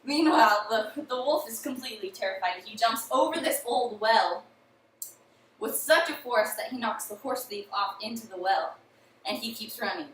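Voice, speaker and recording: A young woman retells a folk tale in a lively, chatty way, her voice bright and fairly high. The room echoes and the mic sits some distance away, with a faint hiss underneath. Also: normal speed. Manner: lively, chatty, uses "he's like". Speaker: student storyteller. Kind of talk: casual oral storytelling.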